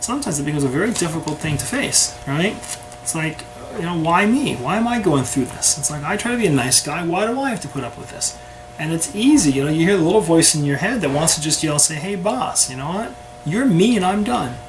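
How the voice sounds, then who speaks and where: A man's voice: on the high side, fast. A man teaching a conversational Torah class who keeps checking in with his listeners by asking "right?". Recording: steady background noise.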